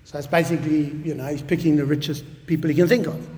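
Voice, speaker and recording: A man preacher delivering a sermon in an emphatic, animated way, with casual conversational asides. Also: a little high, brisk, hardly any pauses. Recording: long reverb of a large hall.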